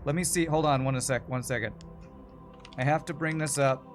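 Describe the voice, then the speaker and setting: A man's voice: a little high, steady tone, normal speed, faint music behind. Chatty male game streamer. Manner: chatty, rambling, reads chat aloud. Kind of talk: casual gameplay commentary.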